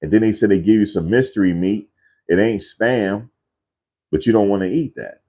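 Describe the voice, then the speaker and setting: A man's voice: fairly low pitch, moderate pace, dark tone. A man casually telling a rambling family story in a loose, slangy way, often repeating himself.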